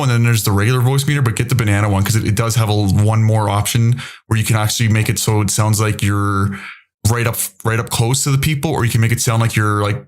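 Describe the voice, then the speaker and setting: A man hosting a casual streaming podcast, chatty and relaxed, giving friendly tech tips over his streaming mic at home. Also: fairly low pitch. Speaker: podcast host. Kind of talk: casual chat.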